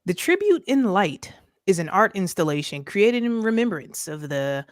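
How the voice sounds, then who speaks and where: A woman's voice: mid-range voice, big pitch swings, normal speed, dry recording, studio quality. A woman co-hosting a casual ranting commentary over a video call, talking emphatically and asking "right?" again and again. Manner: emphatic, repeats points with rhetorical "right?". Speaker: podcast co-host.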